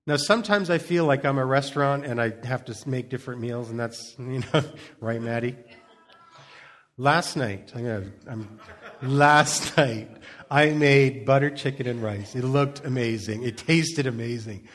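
A middle-aged male pastor who preaches in a loose, chatty way, with a mid-range voice. He jokes, tells stories from home and trips over restarts as he goes. It sounds like relaxed talk from the pulpit. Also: medium pitch, moderate pace. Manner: chatty, humorous storytelling with frequent restarts and repeated words. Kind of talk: conversational sermon.

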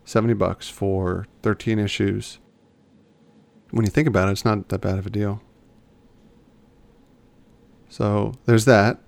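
A man with a low, gravelly voice talks through a casual podcast chat. He rambles along, restarts his sentences and circles back to his points. It sounds like a relaxed co-host just talking. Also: a little slow, long pauses. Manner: chatty, rambling, self-correcting.

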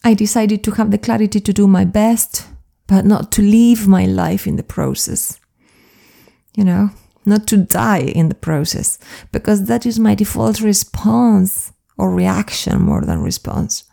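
Woman coach, very gravelly fry, soft and confiding, personal reflection. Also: medium pitch, animated, measured pace. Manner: soft-spoken, earnest and confiding. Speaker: flow coach.

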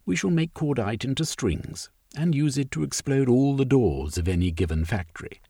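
A man's voice: medium pitch, animated, normal speed, dark tone, husky, no room sound, studio quality, pitched above the performer's own voice. A man voicing a stubborn, scheming male political agitator who ends his points with a questioning eh in an audiobook story. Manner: tags statements with a questioning eh.

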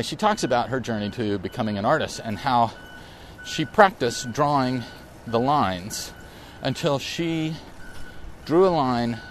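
Middle-aged male podcast host, mid-range voice, musing aloud outdoors with light traffic noise around him. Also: medium pitch. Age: 40s. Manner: rambling, reflective and self-correcting. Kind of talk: casual solo podcast monologue. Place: outdoors on a bike ride through a park.

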